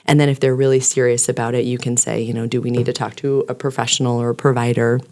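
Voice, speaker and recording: A woman's voice: extremely low pitch, little pitch movement, fast talker, darkish tone. A woman, a clinical social worker, speaking as a podcast guest and explaining at length in an earnest, sometimes rambling way. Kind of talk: casual podcast conversation.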